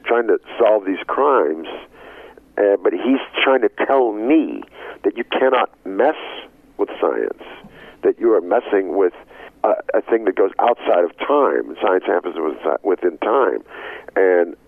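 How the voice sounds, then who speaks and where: A man, an actor guest in an interview, talking in an expressive, rambling way that swings between loud excitement and low murmurs. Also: unhurried, husky, dry recording. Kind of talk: animated interview talk. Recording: tinny phone line.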